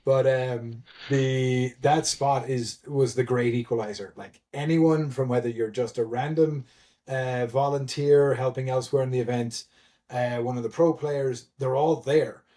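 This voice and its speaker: A man's voice: medium pitch, steady tone, a little slow, warm tone. A man guest telling stories in a casual interview, rambling with many restarts and fillers, laughing and swearing freely. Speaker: guest, event admin.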